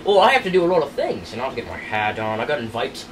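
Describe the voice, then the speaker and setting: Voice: medium pitch, sing-song, very fast. Giggly rambling rpg player, far off the mic, lots of noise behind. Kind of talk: casual tabletop play. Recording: noisy, from off mic.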